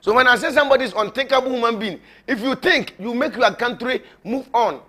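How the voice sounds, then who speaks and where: A man's voice: very high-pitched, a little fast, pushed and bright. A man preaching informally to viewers as a prophet, mocking and emphatic, often breaking into laughter and repeating himself. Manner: repetitive, rambling.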